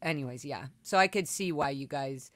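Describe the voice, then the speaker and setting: A woman's voice: extremely low pitch, moderate pace, no room sound. A young adult woman hosting a podcast, telling a personal story in a candid, emotional way over a video call, full of fillers and restarts. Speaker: podcast host. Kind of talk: casual chat, personal storytelling.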